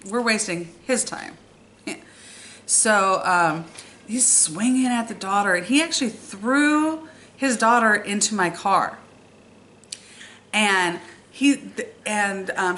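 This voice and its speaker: Bright-voiced woman telling a story. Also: mid-range voice, a little hiss or hum. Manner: animated, exasperated retelling. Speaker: storytime vlogger. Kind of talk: casual storytelling.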